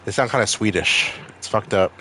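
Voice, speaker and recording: A young man from Maine with a Maine accent talks through a game stream in a lowish voice. He rambles and swears freely between wisecracks. A faint hiss sits under his voice. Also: moderate pace, pushed and bright. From Maine, USA. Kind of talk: casual gaming stream chat.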